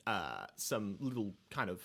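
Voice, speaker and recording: A man's voice: fairly low pitch, sing-song, measured pace, gravelly, bright, forceful tone, slightly rough. Give me a rambling man explaining lore. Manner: rambling, hesitant, swears, lots of fillers. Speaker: podcast host, lore explainer. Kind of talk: casual chat, explaining lore.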